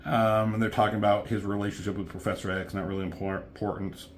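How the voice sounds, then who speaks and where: A man's voice: fairly low pitch, flat delivery, quick pace, a little hiss or hum. A man who is a comic book reviewer, recapping a comic in a rambling, casual way, with lots of fillers and swearing.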